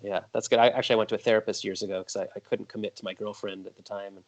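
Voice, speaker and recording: Fast-talking low-voiced male podcast host. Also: fairly even intonation. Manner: rambling, chatty storyteller. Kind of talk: casual interview chat.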